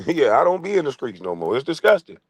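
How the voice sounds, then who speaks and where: A middle-aged man streaming a profane comic rant, crude, loud and laughing often. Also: medium pitch, sing-song, fast, breathy edge, no echo.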